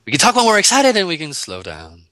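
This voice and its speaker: Male guest, animated and playful, laughing and wandering through ideas, very dry close sound. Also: high voice, fast talker, no echo. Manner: playful and laughing, rambling with restarts. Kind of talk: casual philosophical conversation.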